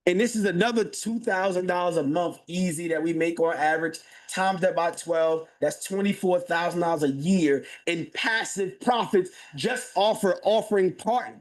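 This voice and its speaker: A man with a fairly high voice runs a live webinar sales pitch. He gets hyped as he goes, calls out to the people in the chat, and repeats his phrases to drive a point home. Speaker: webinar presenter.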